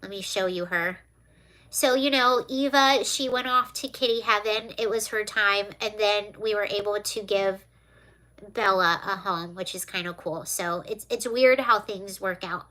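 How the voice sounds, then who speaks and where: A woman's voice: medium pitch, unhurried, sharp tone. A woman hosting a casual livestream, talking to viewers and tearing up as she speaks. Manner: emotional, tearful, talking to viewers. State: tearful. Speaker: livestream host.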